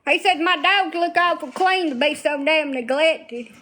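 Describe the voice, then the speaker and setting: A woman's voice: sits high, a little slow, pushed and bright. A woman talking bluntly to viewers on a casual livestream, swearing freely.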